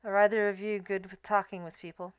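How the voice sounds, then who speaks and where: A woman voicing a deadpan, guarded male warrior in her own plain voice. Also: medium pitch, a little fast, smooth, no echo, close to an everyday voice. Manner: flat and plain.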